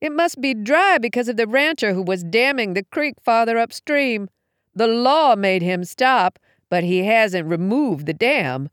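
A woman's voice: fairly high pitch, expressive, unhurried, no echo, studio quality, pitched above the performer's own voice. A woman voicing a furious, frightened mother on the run. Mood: uncertain. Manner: hissing anger turning to weary uncertainty. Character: distressed middle-aged mother fleeing through woods.

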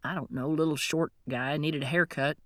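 A busy, gruff cafe man who talks in a hurried, folksy way, as a woman narrator voices him. The voice stays low and close to the reader's own, in a dry recording. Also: steady tone, a bit bright, no room sound.

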